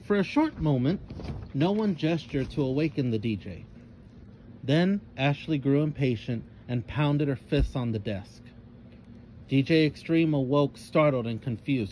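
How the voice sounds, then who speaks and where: A man reading a children's story aloud with expressive narration. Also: medium pitch, unhurried, a little hiss or hum.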